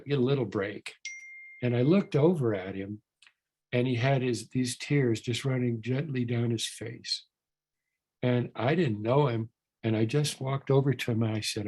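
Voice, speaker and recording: A man's voice: medium pitch, darkish tone. An older man speaking at a recovery workshop, telling a story in a rambling, earnest way with many restarts and repeated words.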